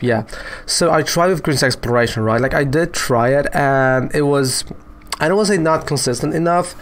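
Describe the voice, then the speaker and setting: A man giving casual, joking commentary while playing an online card game, often adding "right?" and "you know". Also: medium pitch. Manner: chatty, peppers talk with "right?" and "you know"; joking, self-mocking asides.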